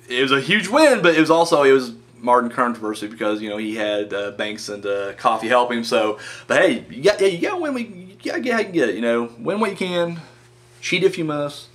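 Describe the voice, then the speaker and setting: Rambling, fairly high-voiced man vlogger. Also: a bit bright. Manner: rambling with frequent uh fillers and self-corrections; casual and joking. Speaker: wrestling review vlogger. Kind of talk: casual countdown commentary.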